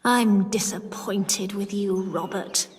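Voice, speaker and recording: A woman voicing an older aunt who is secretive and frightened, speaking slowly and in a faraway, pleading way. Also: medium pitch, in a large hall, lightly acted. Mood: dreamy.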